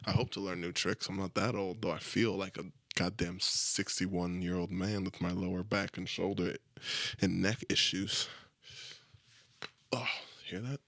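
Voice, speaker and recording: This young male podcast host sits low in pitch, with a flat delivery at a moderate pace and a slightly bright, echo-free sound. Alone on the mic, he rambles crudely, puts himself down and swears often.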